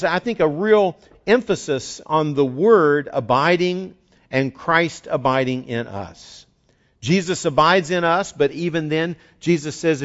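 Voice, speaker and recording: Earnest male pastor, dull recording. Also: a little high. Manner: earnest, conversational, frequent restarts and repeated words. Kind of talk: sermon.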